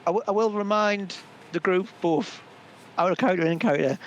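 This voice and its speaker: A man's voice: high voice, moderate pace, a little hiss or hum. A man playing a tabletop game, making wry, sarcastic remarks. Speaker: player. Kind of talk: casual tabletop play.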